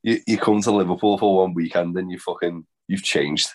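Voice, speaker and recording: Low-pitched male podcaster, deadpan ribbing, swears casually. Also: fairly quick. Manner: dry teasing humour, casual swearing. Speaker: podcast co-host. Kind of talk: casual banter.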